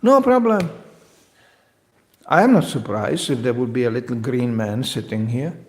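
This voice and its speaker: A man giving a lecture on scripture, telling playful anecdotes and swinging between loud and soft. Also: medium pitch, a little fast. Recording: lecture hall reverb.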